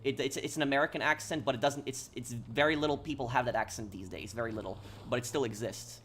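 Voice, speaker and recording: A man's voice: mid-range voice, fast talker, fairly bright tone, a little hiss or hum. A man streaming a game live, chatting casually with viewers and answering their messages, often stopping and repeating words. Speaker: gaming streamer.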